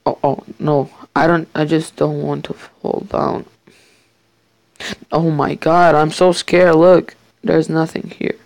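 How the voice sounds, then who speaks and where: Man gamer, casual play commentary, gravelly and unhurried, jokey bragging and frequent swearing, dry close sound. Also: fairly high pitch, no echo. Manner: excitable, swears, jokingly boasts. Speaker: gamer playing a survival match. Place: his bedroom.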